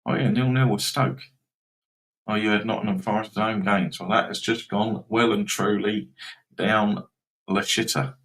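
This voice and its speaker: A man's voice: fairly low pitch, fairly even intonation, unhurried, fairly bright tone, poor audio. A man hosting a live betting stream, rambling casually and reacting to football scores and viewers.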